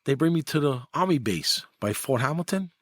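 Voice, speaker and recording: Recorded dry, a middle-aged New York man talks briskly through a story as a guest. Once a mob enforcer, he's animated and voices the quoted lines with rising pitch.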